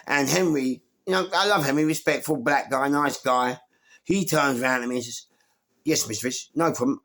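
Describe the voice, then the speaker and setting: A middle-aged man with a London accent spins a story in a husky, gravelly voice. His pitch swings widely as he acts out the other people in it. He swears freely as he goes. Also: fairly bright tone. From England. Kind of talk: animated storytelling to camera.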